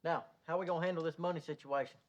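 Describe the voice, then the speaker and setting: A man's voice: a little high, fairly even intonation, very fast, highs cut off, natural voice. An actor playing a young husband who is worried about his wife's debt and presses her with questions. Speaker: sitcom husband.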